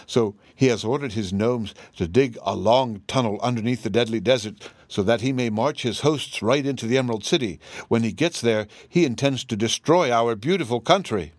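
A man reading an audiobook, voicing a kindly tin man emperor in a gentle, grave, measured way. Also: medium pitch, no room sound, natural voice.

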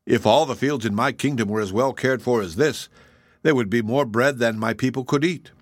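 A man's voice: mid-range voice, moderate pace, no room sound, clean studio sound, close to an everyday voice. A man reading the part of a vain, proud king in a lofty, commanding manner. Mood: haughty.

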